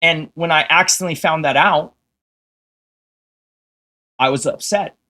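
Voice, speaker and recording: A man's voice: a little high, a little slow, sharp tone. A man ranting to his livestream viewers, swearing heavily and firing rhetorical questions at them in an exasperated, combative way. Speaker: streamer.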